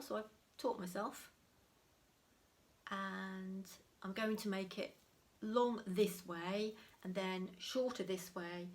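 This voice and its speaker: A middle-aged woman hosting her own crafting channel at home, chatting casually with many ums and soft laughs. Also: medium pitch, a little hiss or hum. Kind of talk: casual chat.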